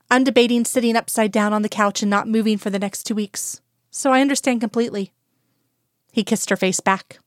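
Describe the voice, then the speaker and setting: A woman narrating a fan-fiction audiobook in a steady, even storytelling manner. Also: medium pitch, smooth, no room sound, clean studio sound.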